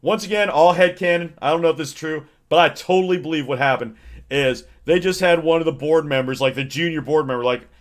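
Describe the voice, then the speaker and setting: A man's voice: a little high, fast talker. Rambling, sarcastic man chatting on stream. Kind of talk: casual livestream chat.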